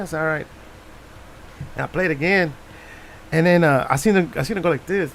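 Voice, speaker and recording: A man's voice: on the high side, lively intonation, fairly quick, fairly bright tone, slight background noise. A man with a Tejano accent, a singer-songwriter guest telling casual anecdotes and mixing Spanish into his English. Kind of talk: casual storytelling.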